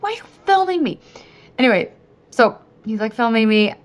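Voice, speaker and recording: A woman in her thirties hosting a casual podcast as a weight-loss coach, chatty and animated, swearing freely and laughing often. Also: fairly high pitch, moderate pace.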